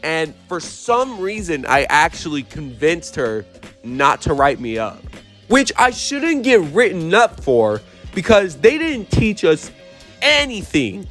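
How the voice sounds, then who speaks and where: On his vlog, a young man with a sing-song, fairly bright, higher voice slowly tells a storytime about an argument at a job he worked in New Mexico. He's blunt, swears a lot, and retells the fight animatedly over faint background music.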